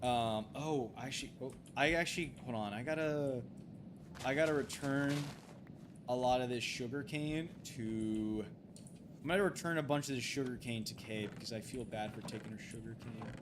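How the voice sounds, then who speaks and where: A man's voice: mid-range voice, normal speed, background noise. A man streaming a game late at night, rambling with many fillers and restarts, and swearing and pleading when things go wrong. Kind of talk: casual late-night gaming livestream chat.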